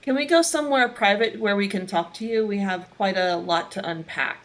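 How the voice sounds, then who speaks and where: A woman in a tabletop game calmly lays out what her character does next. Her tone is easygoing and chatty, in a middle register for a woman. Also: medium pitch, normal speed. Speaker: player. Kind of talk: casual tabletop game chat.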